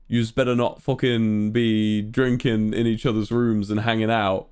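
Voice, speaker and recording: A man's voice: on the low side, level tone, a little slow, darkish tone, smooth, pitched below the performer's own voice, lightly acted. A man voicing an angry, fed-up hotel desk man with a Liverpool (Scouse) accent who scolds and swears. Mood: angry scolding.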